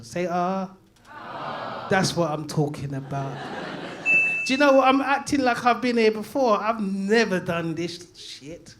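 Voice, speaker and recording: A man from London doing open-mic stand-up comedy, loud and chatty, laughing and calling out to the crowd. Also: high-pitched, background noise. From Brixton, London. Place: stage at a comedy night.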